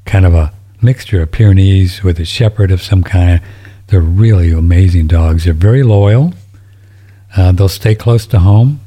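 A man's voice: deep voice, dark tone. A man hosting a show, reading listener emails in a rambling, folksy, casual way, easily moved to tears. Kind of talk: casual chat.

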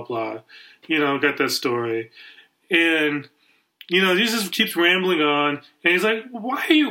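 On a low-quality recording, a man with a slightly high voice co-hosts a podcast. He tells a long story casually and animatedly, acting out the voices of the people in it.

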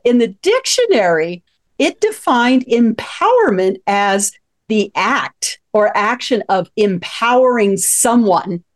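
A woman in her fifties, a psychologist hosting a radio talk show, telling a story in a lively, chuckling way. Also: mid-range voice. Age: 50s. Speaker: host, psychologist.

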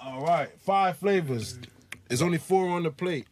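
A man's voice: a little high, normal speed, a little mellow. A man guesting on a podcast, laid-back and laughing easily in casual banter.

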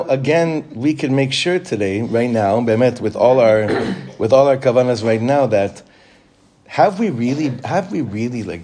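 A man's voice: mid-range voice, warm tone. A man teaching an informal Torah class as a rabbi. He talks conversationally, repeats phrases for emphasis and chuckles often.

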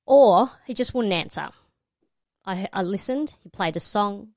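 A woman's voice: medium pitch, unhurried, vocal fry, a little mellow, no echo, clean studio sound. A middle-aged woman, a radio presenter telling a personal story as a guest and acting out the quoted lines. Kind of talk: storytelling in a panel conversation.

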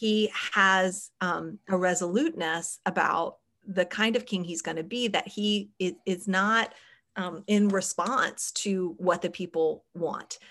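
A woman's voice: fairly low pitch, unhurried, fairly bright tone. A middle-aged woman hosting a podcast, chatting casually with frequent fillers and laughs. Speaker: podcast host.

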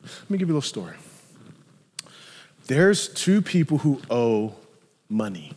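A male pastor preaching a sermon with animated, emphatic storytelling. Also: mid-range voice, a little slow, long reverb tail.

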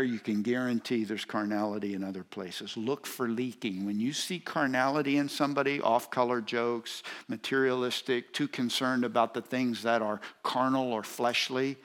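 A man's voice: mid-range voice, a bit bright. Preacher guy, emphatic, keeps hammering the same point, talks right to the crowd. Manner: emphatic, repetitive preaching with rising intensity; speaks directly to congregation, asides to audience. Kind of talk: sermon.

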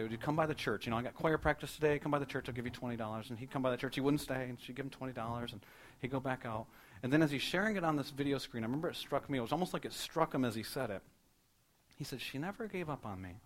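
A male pastor preaching a sermon, telling a story fast and building to emphatic repeated lines. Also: medium pitch.

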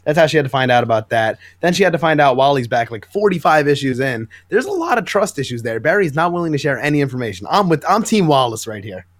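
Eager young-sounding podcast host, dry sound. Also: male voice, a little high, very animated, fast, hardly any pauses, no echo. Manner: enthusiastic, recaps scenes acting out lines. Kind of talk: casual comic book chat.

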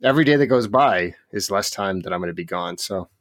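Low-voiced, opinionated podcast co-host man. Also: expressive, fairly bright tone, dry recording, clean studio sound. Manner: opinionated, ranting with quick jokes. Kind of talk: casual chat.

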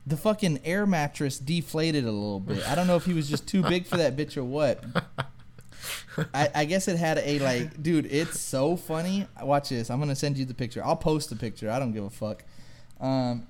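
A young man chatting casually on a podcast, slightly high in pitch. He tells stories with lively energy and acts out what others said. He keeps calling his listener "dude.". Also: moderate pace, a little hiss or hum. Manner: animated storyteller, says "dude" a lot, acts out quotes. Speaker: podcast host. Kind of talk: casual chat.

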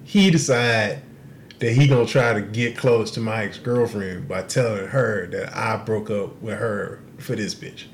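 A young man on a podcast, telling a story in an animated, profane way and laughing through the punchlines. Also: on the low side, a little slow, slight background noise. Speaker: podcast co-host. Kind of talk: casual storytelling.

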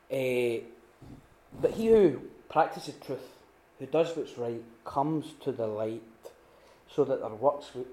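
A man giving an informal teaching talk at a retreat, telling stories with lively restarts and acted-out quotes. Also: medium pitch. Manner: animated storytelling with many restarts and acted-out quotes. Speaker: retreat speaker. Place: room at a retreat. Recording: echoey room.

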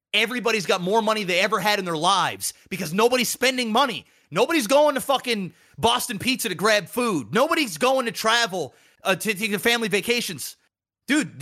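A man's voice: high voice, bright, forceful tone. A man co-hosting a podcast, ranting heatedly with lots of profanity in casual chat. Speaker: podcast co-host.

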